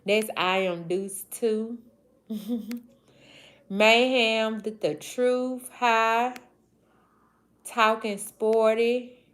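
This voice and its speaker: A woman's voice: fairly high pitch, steady tone. A woman in her forties from the American South with a Mississippi Southern accent, hosting a casual livestream and greeting viewers by name. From Southern United States. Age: 40s. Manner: drawling, slow, affectionate, shout-outs to viewers. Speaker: livestream host. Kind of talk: casual livestream chat reading comments.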